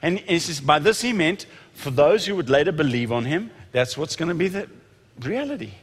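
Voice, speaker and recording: Speaking at a normal pace with a breathy edge, a male preacher with a somewhat high voice delivers a lively, animated sermon. He often stumbles and starts over, then surges into loud stretches, shouting as he quotes, while long reverb hints at a big hall.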